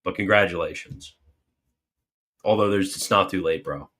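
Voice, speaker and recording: A man's voice: low voice, moderate pace, sharp tone. A man hosting a casual livestream Q&A, reading viewer questions aloud and answering them with jokey mock alarm and then earnest explanation. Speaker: livestream host answering super chats.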